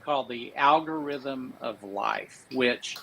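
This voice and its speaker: A man's voice: mid-range voice, takes it slowly, vocal fry, bright, forceful tone, poor audio. A man hosting a live interview, praising his guest at length with rambling fillers. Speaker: host.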